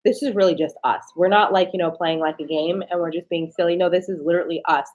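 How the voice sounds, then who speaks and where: A woman's voice: on the low side, steady tone, quick pace, a little mellow, highs cut off. A woman vlogging in casual chat, goofy and playful.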